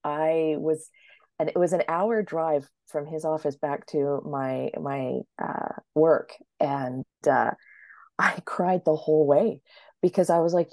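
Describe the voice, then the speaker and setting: A woman's voice: fairly even intonation, takes it slowly, dark tone, dry recording, clean studio sound. A woman in her thirties telling her story as an interview guest, chatty, often acting out what others said. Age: 30s. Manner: chatty, acts out quotes with sudden high-pitched voices. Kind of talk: casual storytelling.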